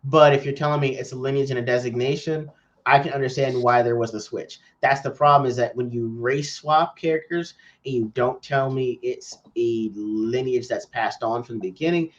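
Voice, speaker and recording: A man co-hosting a casual comics chat, ranting in an animated way and slinging slang. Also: mid-range voice, normal speed, dull audio. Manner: animated, ranting, slangy, says bro a lot. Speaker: podcast co-host.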